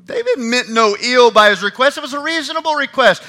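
Bright, high-voiced male preacher. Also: a little fast. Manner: animated preaching, acting out quoted lines. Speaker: pastor. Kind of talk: sermon.

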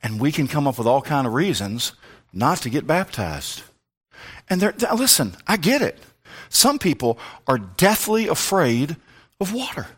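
A man's voice: a little high, sing-song, a little slow, a bit bright, husky. A male pastor preaching a sermon, telling a personal story with comic asides.

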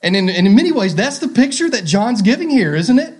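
Man preaching a sermon, fairly high voice. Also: sing-song, brisk, breathy edge. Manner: preaching with rhetorical questions and repetition. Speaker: pastor.

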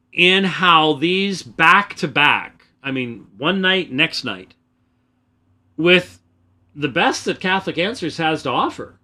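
Man host, solo commentary, loud and emphatic, bright voice with lively pitch. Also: breathy edge. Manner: emphatic, loud, keeps restarting sentences. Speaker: host of a religious debate program. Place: small room, away from the usual studio. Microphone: microphone close by.

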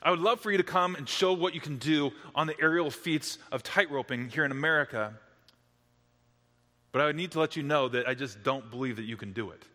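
A man voicing an eager, amazed male event promoter, talking in an excited, insistent way. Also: on the high side, fairly quick, big-room sound.

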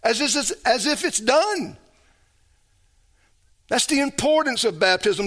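High, bright-voiced preaching man. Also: moderate pace, pauses often. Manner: emphatic, asks the congregation rhetorical questions. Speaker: pastor. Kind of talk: sermon.

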